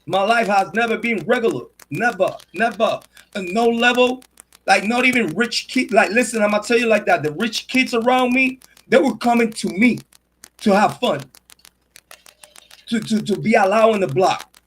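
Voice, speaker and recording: A man with a high-pitched voice talks on a casual livestream in a boastful, swaggering way, full of street slang. A faint hiss sits under his voice. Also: expressive, normal speed, fairly bright tone, poor audio. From Puerto Rico. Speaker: true crime and sports commentary host.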